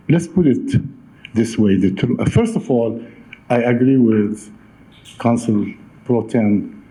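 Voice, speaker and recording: Slow, emphatic man making a speech. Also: lowish voice, mellow, poor audio. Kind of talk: public comment at a council meeting. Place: council chamber. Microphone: podium microphone.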